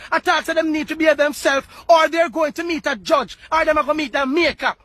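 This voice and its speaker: Fiery high-voiced Jamaican man ranting. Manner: fiery, often shouting, repeats words for emphasis. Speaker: political activist. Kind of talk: impassioned political rant.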